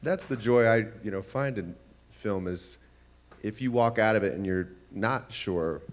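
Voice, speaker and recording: A man filmmaker on a festival panel, speaking in a relaxed, reflective way. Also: on the low side, unhurried. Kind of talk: panel discussion.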